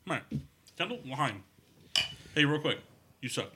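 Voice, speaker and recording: A man's voice: mid-range voice, very animated, moderate pace, pushed and bright, slight background noise. A man hosting a podcast in casual chat, crude and joking, steering the talk between his co-hosts. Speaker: podcast host. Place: studio.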